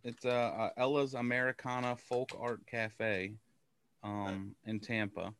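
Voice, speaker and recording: A man's voice: mid-range voice, little pitch movement, a little slow, fairly bright tone, a little hiss or hum. A man co-hosting a casual comedy podcast, joking and mocking himself as he lists his upcoming shows. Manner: joking, self-mocking, wanders mid-sentence. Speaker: comedian co-host.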